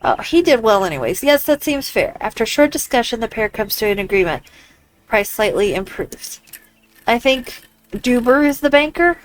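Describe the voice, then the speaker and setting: A woman talking casually through a video game, with frequent exclamations. She reads on-screen text aloud as she plays. Her voice sits a little high. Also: animated, normal speed, dry recording, poor audio. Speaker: gamer. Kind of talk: casual gameplay commentary.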